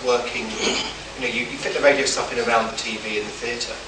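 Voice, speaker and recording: A man's voice: medium pitch, little pitch movement, fairly quick. An English man with a stammer, telling self-deprecating, humorous anecdotes as a guest writer on a convention panel, often restarting his sentences. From England. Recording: echoey room from far off, noisy.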